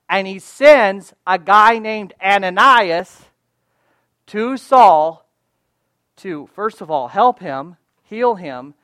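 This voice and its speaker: A pastor preaching a sermon, reading scripture aloud and commenting on it, swinging between loud emphatic rises and soft asides. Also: medium pitch, dry recording.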